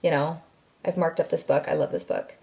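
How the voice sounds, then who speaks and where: A woman's voice: low-pitched, steady tone, a little fast, gravelly, dark tone. Chatty young woman rambling to camera. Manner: chatty and rambling, many fillers and restarts. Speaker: vlogger. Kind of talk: casual chat to camera.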